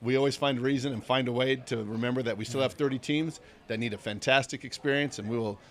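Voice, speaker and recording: Guy co-hosting a live stream, calm and measured, kinda reflective, like a mentor talking. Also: medium pitch. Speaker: co-host, event organizer. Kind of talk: live event commentary.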